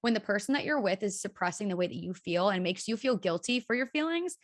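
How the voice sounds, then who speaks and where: A woman's voice: mid-range voice, animated, quick pace. A woman hosting a podcast, chatting casually and supportively with a friend, with lots of "like" in her speech. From United States. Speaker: podcast host. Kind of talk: casual chat.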